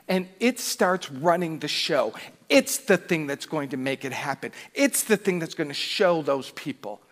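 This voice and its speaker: A man, the pastor, preaching a sermon in an expressive storytelling manner with self-deprecating humor. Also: high-pitched. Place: church sanctuary. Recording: long reverb of a church hall.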